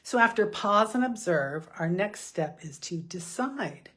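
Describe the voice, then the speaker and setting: A middle-aged woman giving a chatty motivational talk, self-deprecating and quick to laugh. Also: medium pitch, expressive, a bit bright, slightly rough. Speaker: speaker.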